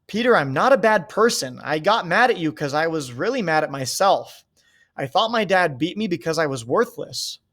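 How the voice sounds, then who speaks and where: A man voicing a remorseful, gentle teenage boy in a read-aloud story, earnest and pleading. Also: fairly high pitch, lively intonation, moderate pace.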